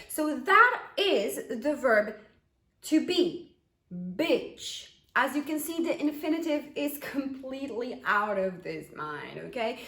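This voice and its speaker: Animated woman teaching slowly. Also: sits high, roomy sound. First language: Polish. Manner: animated, slow repeated model pronunciations. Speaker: language teacher. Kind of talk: language lesson with slow spoken drills.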